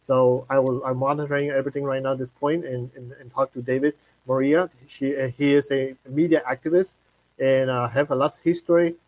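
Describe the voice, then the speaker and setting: Halting male live-stream host, dry sound. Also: medium pitch, fairly even intonation, a little mellow, no echo, poor audio. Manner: halting, many fillers and restarts.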